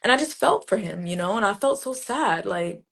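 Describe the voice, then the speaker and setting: A woman's voice: mid-range voice, expressive, moderate pace, vocal fry, fairly bright tone, slightly rough. A woman poet being interviewed, telling a personal story in a casual, earnest way, with many "like"s and restarts. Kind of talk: reflective conversational storytelling.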